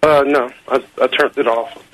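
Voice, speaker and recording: A man calling in to a talk radio show, speaking in a polite, hesitant and halting way. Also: mid-range voice, bright, forceful tone, low-quality recording. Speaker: caller. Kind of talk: phone-in call.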